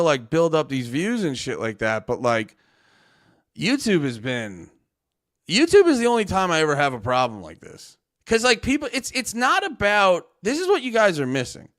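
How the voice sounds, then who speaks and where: A man's voice: a little high, huge pitch swings, moderate pace. A man streaming live, a comedian ranting at his chat in a profane, exasperated, argumentative way. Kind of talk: livestream rant at chat.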